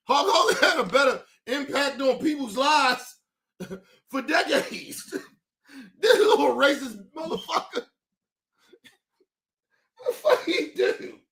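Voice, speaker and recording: Reacting to news clips on his stream, a man with a very high-pitched, sharp voice laughs nonstop until he's crying, cursing and mocking whatever he watches. He talks in casual slang and calls his viewers people.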